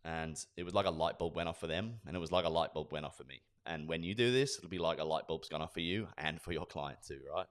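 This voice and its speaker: A man in his forties, a sales trainer, giving an energetic lesson and acting out sales dialogues. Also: deep voice, fast talker, few pauses. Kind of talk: instructional talk with acted role-play.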